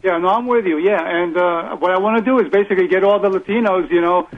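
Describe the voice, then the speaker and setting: A male radio caller, talking quickly and agreeably. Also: sits high. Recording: tinny phone line.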